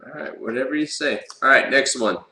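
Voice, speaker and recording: A man co-hosting a casual live chat show, throwing in quick sarcastic quips. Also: medium pitch, sharp tone. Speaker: co-host. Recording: echoey room with clear background noise.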